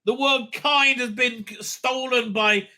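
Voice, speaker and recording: A man delivers furious reaction commentary to the clips he is watching, swearing freely and mocking what he hears. His voice sits high for a man and cuts with a very bright, sharp edge. He stammers through fillers and restarts as the rant builds. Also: steady tone, slow pace. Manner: profane, sneering ranting with many fillers. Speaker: channel host reacting to clips.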